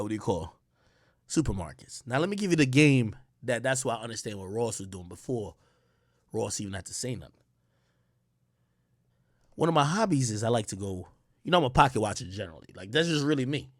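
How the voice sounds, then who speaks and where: A man telling a casual story to his live stream, excitable and full of slang and swearing. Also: medium pitch, dry recording, clean studio sound. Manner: animated, profane, slangy, excitable. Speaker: streamer and commentator.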